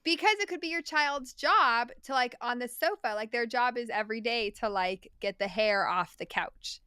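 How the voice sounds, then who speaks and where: A middle-aged woman co-hosting a podcast, telling family stories in a bubbly, animated way. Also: fairly high pitch, normal speed, clean tone, no room sound, studio quality. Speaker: podcast co-host. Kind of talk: casual chat.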